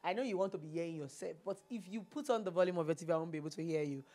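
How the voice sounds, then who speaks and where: A Nigerian woman hosting a TV call-in advice show, animated and preachy, slipping into Pidgin. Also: fairly low pitch, rapid-fire. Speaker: talk show host. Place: TV studio.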